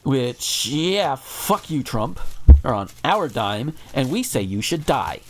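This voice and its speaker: A man's voice: medium pitch, big pitch swings, takes it slowly, slight background noise. A man from the United States hosting a podcast and ranting profanely in casual chat. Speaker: podcast host.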